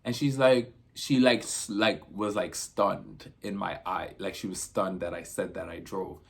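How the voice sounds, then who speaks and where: A man's voice: deep voice, fairly even intonation, a little slow, gravelly. A man vlogging a casual storytime, rambling through his retelling and leaning on constant "I'm like" to report what was said.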